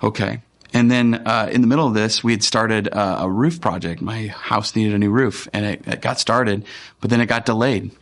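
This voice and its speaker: A man, a pastor, giving a conversational and earnest sermon with frequent pauses and fillers. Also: on the low side, a bit bright.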